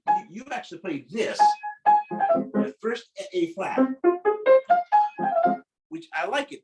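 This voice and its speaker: A man with a high-sitting voice teaches a piano masterclass, repeatedly interrupting his student to explain dynamics in a blunt, corrective way. Loud piano plays behind him on this low-quality recording.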